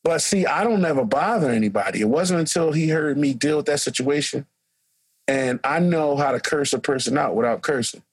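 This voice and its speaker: A middle-aged man, a coach and co-host telling stories loudly and with animation in a casual podcast chat. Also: fairly high pitch, brisk, husky, dry recording, rough recording. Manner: loud, animated storyteller. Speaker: track and football coach, co-host.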